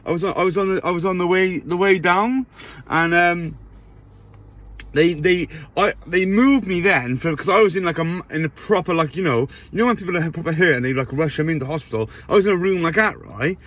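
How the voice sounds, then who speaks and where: High-voiced man telling a story. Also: brisk, a bit bright. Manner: rambling, checks in with "right?" tags. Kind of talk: storytime monologue.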